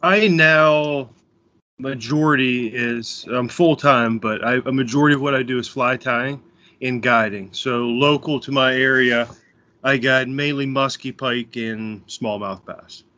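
Casting: American man, guest on a chat podcast, bright forward tone, relaxed rambling delivery. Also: mid-range voice, measured pace. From Pennsylvania, USA. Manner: easygoing, rambling explanations. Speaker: podcast guest, fly tying guide. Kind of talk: casual interview chat. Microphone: remote call.

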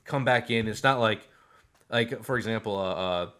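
A young man with a lowish voice co-hosts a podcast in easygoing, excited chat. He talks in quick bursts, piling up fillers and restarts as he goes. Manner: animated, fast, lots of fillers. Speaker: podcast co-host. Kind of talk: casual chat.

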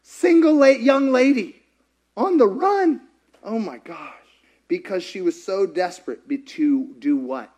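A male pastor delivers a sermon in a high voice. His pitch swings widely as he acts out scenes, dropping to hushed whispers and climbing to near-shouts. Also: expressive, a little slow.

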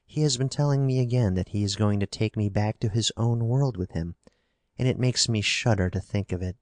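A man's voice: fairly low pitch, a little fast, a little mellow, dry recording, natural voice. Male narrator voicing a scared young woman, pleading, anxious, audiobook character. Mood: fearful.

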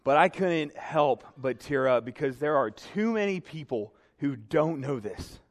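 A man's voice: on the high side, expressive, unhurried. A young man preaching a sermon to a congregation, earnest and emotional. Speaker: pastor. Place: church sanctuary. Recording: reverberant hall.

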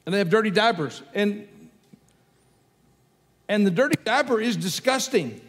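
High-voiced man preaching in a reverberant hall. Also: animated, normal speed. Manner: conversational preaching, repetitive emphatic phrasing. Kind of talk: sermon. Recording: long hall reverb with faint music.

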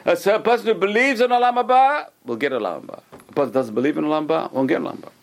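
Man, rabbi teaching a class, animated storyteller, fairly high gravelly voice. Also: very fast. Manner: animated storyteller, acts out quoted people; repeats and restarts phrases. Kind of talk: Torah class with told stories.

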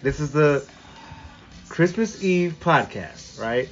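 Guy cohosting a chill podcast, swears a lot, jokes around, kinda muffled audio with soft music in back. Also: a little high, lively intonation, takes it slowly. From Washington State, US. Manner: joking, profane, talks over others. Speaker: podcast co-host. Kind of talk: casual podcast banter. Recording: lo-fi with faint music.

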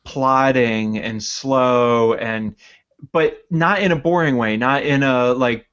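Male podcast co-host, thoughtful, picks his words slowly. Muffled lo-fi audio. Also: mid-range voice, a bit bright, smooth. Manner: reflective, searching for words. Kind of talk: casual movie review chat. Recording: dull lo-fi sound.

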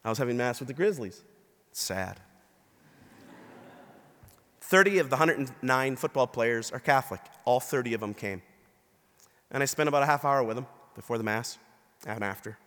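A male bishop preaching in a church, telling stories and acting out the people he quotes in them. His mid-pitched voice carries a long reverb through the hall. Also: lively intonation, normal speed, long pauses, a bit bright. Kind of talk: sermon.

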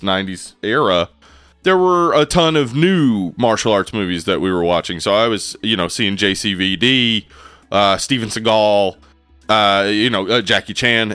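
A man's voice: fairly low pitch, a little slow, clear, resonant tone, no room sound, soft background music. A man co-hosting a podcast, chatting casually with many fillers and the odd swear. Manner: relaxed, profane, rambling. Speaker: podcast co-host. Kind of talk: casual chat.

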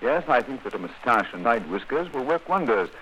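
Sherlock Holmes, crisp and lively. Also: male voice, medium pitch, a little fast, a little hiss or hum, low-quality recording. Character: clever, dryly amused male detective. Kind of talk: 1940s radio acting.

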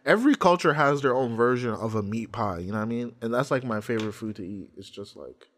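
A man's voice: mid-range voice, expressive, quick pace. Profane, laid-back young man joking around. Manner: loose, profane, laughing explainer. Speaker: podcast co-host. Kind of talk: casual chat reacting to music videos.

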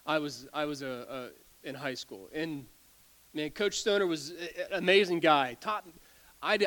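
A pastor in his forties delivers a sermon in a notably high voice for a man. He tells stories with animated energy, trips over his own words, restarts phrases and breaks into laughter. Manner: animated storytelling, stumbles and repeats words, laughs often.

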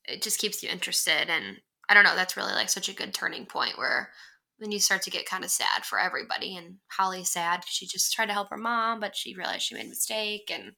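A woman's voice: mid-range voice, a little fast, vocal fry, bright, forceful tone, low-quality recording. A young adult woman co-hosting a casual movie-recap chat, talking in a chatty way with lots of "like" fillers. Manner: chatty, lots of "like" fillers, acts out quoted lines.

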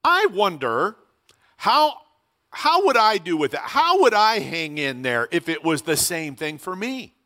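A man's voice: sits high, very animated, measured pace, sharp tone. A middle-aged man preaching a sermon in a conversational way, asking rhetorical questions and repeating key phrases. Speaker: pastor.

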